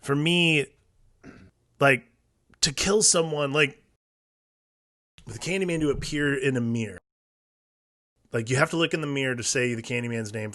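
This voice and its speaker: A man musing about a film on a podcast, his tone bright and forceful at a middling pitch. He stops and restarts often and fills the gaps with likes. The mic is close and the sound dry. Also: dry recording. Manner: halting, filler-heavy, full of likes and restarts. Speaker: podcast co-host. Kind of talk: casual film discussion.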